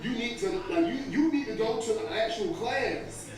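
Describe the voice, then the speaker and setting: A man's voice: very high-pitched, expressive, normal speed, music in the background. A man with a South Carolina accent chatting casually and teasingly on a stream, speaking slangy and laid-back. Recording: echoey, distant stream clip.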